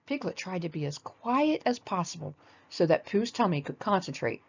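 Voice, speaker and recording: An older woman reading a children's storybook aloud in a gentle, expressive manner. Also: on the low side, moderate pace, slightly rough, dull audio.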